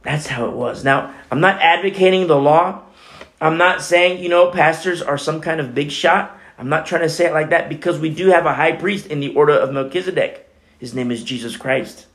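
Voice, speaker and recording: A man's voice: a little high, normal speed, fairly bright tone. A man preaching a Bible teaching sermon as a pastor, talking conversationally with frequent "you know" asides.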